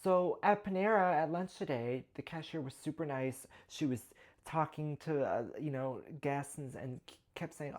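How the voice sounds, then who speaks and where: A woman's voice: low-pitched, moderate pace, a little mellow, rough recording. A woman in her twenties chatting casually to camera while doing kitchen chores, rambling with lots of "like" and "you know.". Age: 20s. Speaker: vlogger. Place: home kitchen. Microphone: own microphone near the sink.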